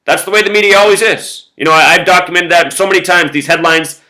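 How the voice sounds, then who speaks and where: A man's voice: high-pitched, quick pace, sharp tone, rough recording. A man talking straight to his viewers in a casual monologue, emphatic, with lists of repeated words and frequent "you know". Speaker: video blogger.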